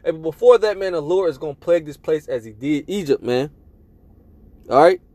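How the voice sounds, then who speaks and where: High-voiced emphatic male preacher. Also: animated, normal speed, a little mellow, no echo. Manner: emphatic, tags lines with "man" and "all right?". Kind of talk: scripture-reading sermon.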